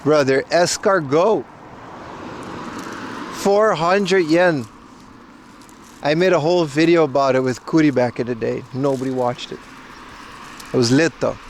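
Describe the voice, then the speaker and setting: A man's voice: fairly high pitch, unhurried, pauses often, a little hiss or hum. A man casually chatting with his livestream viewers while walking outdoors, loose and slangy. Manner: loose slangy banter, reads chat. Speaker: IRL livestreamer. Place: outdoors on city streets.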